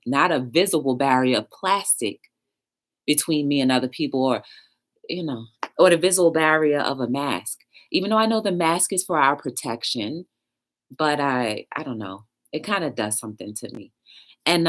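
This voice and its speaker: A woman hosting a live-stream chat show, telling stories and reading chat aloud in a loose, slangy manner. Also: sits low. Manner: animated storytelling, reads chat aloud, slangy. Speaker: talk show host.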